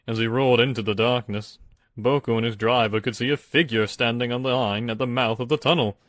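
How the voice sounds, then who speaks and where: A man's voice: medium pitch, fairly even intonation, fairly quick, a bit bright, no echo, clean studio sound, soft background music. A man narrating a scripted storybook with a dramatic reading style.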